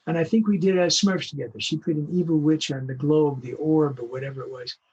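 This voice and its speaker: An older male voice actor telling animated anecdotes in an interview, acting out the voices of the people he quotes. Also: a little high, brisk, slightly rough, dull audio. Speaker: guest voice actor. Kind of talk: storytelling interview.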